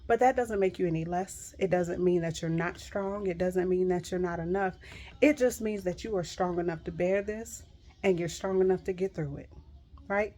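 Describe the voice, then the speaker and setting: Her voice sits fairly low and sounds dark, moving at a normal speed. She's a middle-aged Christian encourager delivering a heartfelt devotional talk to her viewers, emphatic and earnest, repeating words of reassurance.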